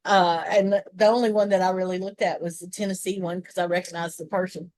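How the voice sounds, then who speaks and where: A woman's voice: fairly low pitch, level tone, fast talker, darkish tone, no echo. Rambling Southern woman co-host. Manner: rambling, explaining, many restarts and asides. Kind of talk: casual chat.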